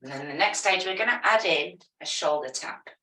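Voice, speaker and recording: A woman teaching a yoga class, giving calm, step-by-step movement and breathing cues. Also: on the low side, moderate pace. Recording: echoey room, voice from a distance.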